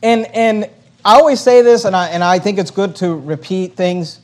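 A man preaching a sermon from the pulpit, reading scripture aloud and then paraphrasing it with a sarcastic, animated delivery. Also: high-pitched, normal speed. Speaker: pastor.

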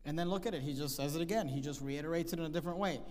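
A man preaching a sermon, emphatic, reading scripture slowly and repeating key phrases. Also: on the high side, a little mellow. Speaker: pastor. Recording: long hall reverb.

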